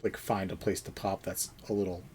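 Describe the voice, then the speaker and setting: A man's voice: sits low, level tone, brisk, a little mellow, slight background noise. A man running a tabletop game as game master, chatting casually, laughing often, and explaining in loose, rambling bursts.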